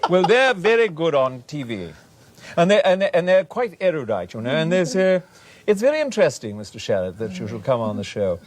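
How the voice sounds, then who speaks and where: A man's voice: fairly high pitch, very animated, brisk, noisy background, voice pushed up. A man putting on a pompous, erudite upper-class English character with a plummy accent. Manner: pompous, affected.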